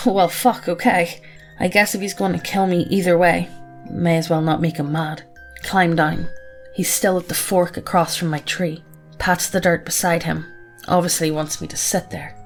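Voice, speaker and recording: Woman narrator, lowish voice, casual and profane first-person horror reading. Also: steady tone, measured pace, faint music behind. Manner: casual, profane, present-tense storytelling.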